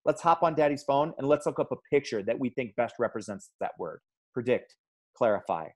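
A man speaking to teachers in a training talk, an emphatic and energetic storyteller who calls his audience "guys". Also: medium pitch, brisk. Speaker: education speaker.

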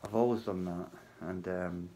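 A man talking casually to his viewers from his hotel workplace at night, halting and full of ums, with a wry sense of humour. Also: sits low, fairly even intonation, mellow, a little hiss or hum. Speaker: vlogger. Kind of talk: casual spoken vlog.

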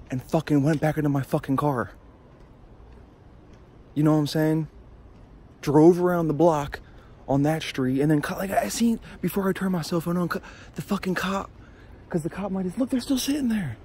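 A man's voice: fairly high pitch, a little mellow, a little hiss or hum. A young man filming himself on a phone in his car at night, ranting angrily, swearing constantly and restarting his sentences. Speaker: vlogger. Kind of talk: profane ranting vlog. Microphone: phone held in hand.

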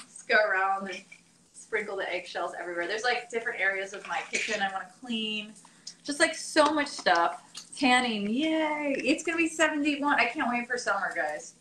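In her echoey home kitchen, a young woman live streams while cooking, chatting and rambling with frequent laughter. Her voice is on the high side, animated and sharp at normal speed, with dishes and cutlery clattering and slight background noise.

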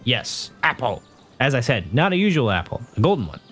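A man's voice: medium pitch, very animated, fairly quick, fairly bright tone, faint music behind. Man doing a proud quest-giver from a fantasy game, lofty declaiming reading, plain male voice. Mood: grand. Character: bold male knight-challenger villager.

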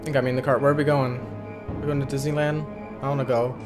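A man hosting a gaming channel, giving jokey let's-play commentary as he talks to the game and bursts into loud yells. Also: medium pitch, level tone, fast talker. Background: game music.

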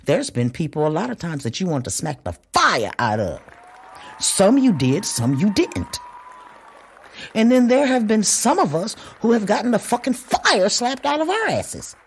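A woman's voice: very deep voice, breathy edge. Blunt, profane woman podcaster. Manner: blunt and profane, swings between loud and hushed. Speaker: podcast host. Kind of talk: casual monologue.

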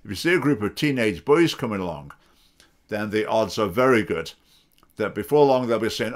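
A man's voice: lowish voice, expressive, moderate pace. A man speaking as a party spokesman, emphatic and repeating key words. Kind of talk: political talk.

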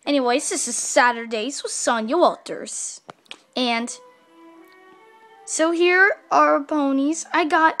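A woman chatting to camera as host of her own vlog. Her voice sits very high and she speaks at an unhurried pace. She is playful and excitable, breaking into bursts of cheering. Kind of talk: casual chat to camera.

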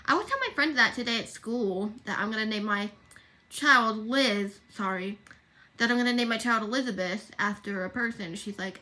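Young woman, rambling livestream chat, fairly high voice, self-correcting, casual. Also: animated, moderate pace, a bit bright. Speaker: livestream host.

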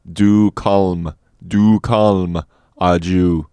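A man's voice: low-pitched, steady tone, extremely slow, dark tone, clean tone, no room sound, exaggerated voice. A man reading an eccentric little old doctor in an audiobook, quizzical and matter-of-fact. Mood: calm.

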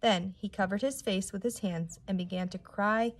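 A woman teacher reading a children's book aloud with expressive, unhurried storytelling. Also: mid-range voice. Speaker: third-grade teacher.

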